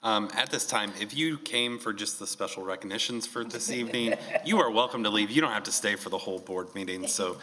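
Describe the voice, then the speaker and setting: A man chairing a school board meeting, brisk and friendly as he moves through the agenda. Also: fairly low pitch, sharp tone. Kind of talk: meeting procedure.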